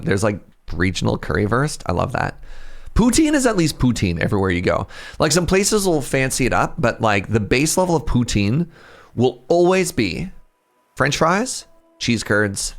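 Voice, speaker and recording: A man's voice: on the low side, creaky. A man with a Pacific Northwest Canadian accent, chatting casually and rambling as he answers viewer questions while playing a game on a live stream.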